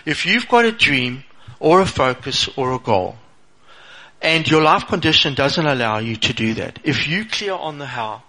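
A man's voice: a little high, expressive, moderate pace, sharp tone, poor audio. A middle-aged man gives an informal motivational talk, sharing a personal story and asking "okay?" again and again. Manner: conversational, repeats "okay?" often, restarts phrases. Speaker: speaker sharing a personal testimony.

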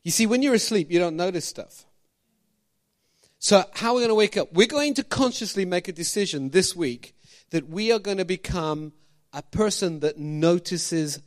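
A man preaching a sermon as pastor, animated, firing questions at the congregation with jokey asides. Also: a little high.

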